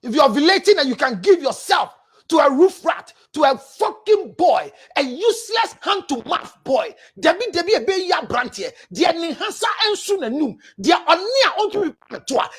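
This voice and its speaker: High-voiced scolding Ghanaian woman counselor. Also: sing-song, normal speed. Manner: forceful, scolding, often shouting. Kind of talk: preaching relationship advice to camera.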